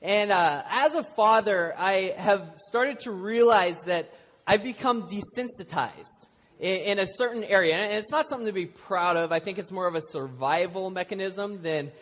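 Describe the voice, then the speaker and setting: A pastor in his thirties delivers a casual sermon to a congregation in a church hall, sharing stories and self-deprecating jokes. His voice sits high with a fairly bright tone at a moderate pace, and the hall adds long reverb.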